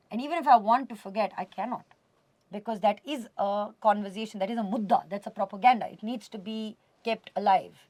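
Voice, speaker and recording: A woman from India being interviewed as a guest, talking in an animated, expressive way and slipping Hindi words into her English. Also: fairly high pitch, no echo. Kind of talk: casual conversational interview. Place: radio studio.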